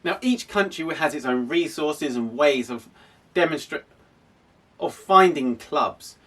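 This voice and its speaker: Athletics coach, casual explainer, fairly high voice, a bit off-mic. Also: male voice, lively intonation, measured pace, fairly bright tone, recorded from a distance. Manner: conversational, with frequent restarts. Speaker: athletics club coach and host.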